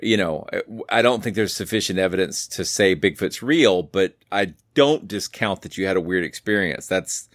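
A man's voice: low voice, moderate pace, few pauses, no room sound, clean studio sound. A man hosting a podcast interview, chatting enthusiastically with frequent restarts. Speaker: podcast host. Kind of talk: casual interview chat.

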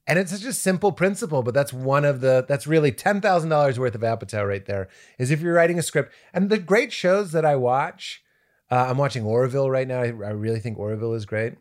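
Animated storytelling man. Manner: animated, quick storyteller with bursts of high-pitched impressions. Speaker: comedian guest. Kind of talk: podcast conversation, storytelling.

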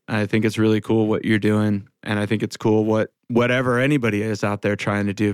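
A man with a fairly low voice chatting on a podcast. He talks in an encouraging, reflective way. The sound is close and dry, with no room echo. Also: smooth. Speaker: podcast co-host. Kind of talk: casual roundtable chat.

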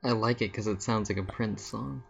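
A man's voice: on the low side, fairly even intonation, moderate pace, gravelly, fairly bright tone, breathy edge, lo-fi sound. A man casually chatting and joking as a podcast co-host.

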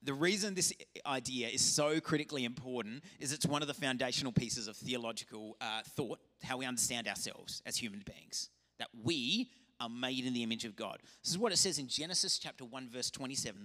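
A man, a pastor, preaching a lively, conversational sermon. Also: medium pitch, fairly quick. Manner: animated, conversational preaching with acted-out dialogue. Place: church auditorium.

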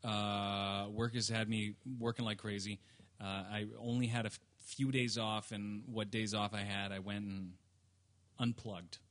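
Man, podcast co-host, casual chat, dry low-key delivery. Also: flat delivery, unhurried, a bit bright.

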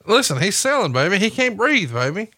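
A man putting on a cocky, crude male wrestler, boastful and quick. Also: very animated, bright, forceful tone, husky, no room sound, studio quality, exaggerated voice. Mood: pained. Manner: brash, boastful, high and fast.

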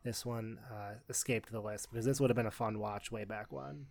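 A man's voice: on the low side, steady tone, a little fast, gravelly. A man co-hosting a podcast, chatting casually with short, dry replies. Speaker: podcast co-host.

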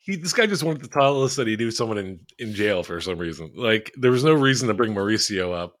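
A man's voice: lowish voice, animated, fairly quick, fairly bright tone, dry recording, clean studio sound. A man in casual chat, chiming in on a shared story with jokes. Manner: chimes in, adds jokes to the story.

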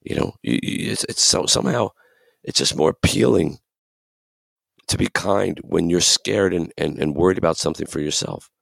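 A man's voice: deep voice, normal speed, gravelly, dry recording, studio quality. A man hosting a podcast, talking earnestly and emphatically and acting out the voices he quotes. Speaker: podcast host. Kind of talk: reflective podcast talk.

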